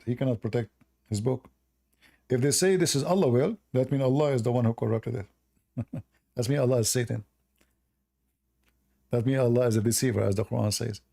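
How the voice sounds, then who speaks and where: Hoarse, sarcastic man with a mellow voice. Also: medium pitch. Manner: sarcastic, argumentative, emphatic. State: hoarse, losing his voice. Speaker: host. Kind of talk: debate call-in discussion.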